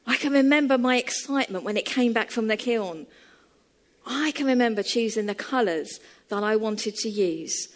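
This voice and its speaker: A woman voicing an upset young woman, heartbroken and tearful over a broken keepsake, in a sermon story. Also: natural voice. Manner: high, tearful and pleading.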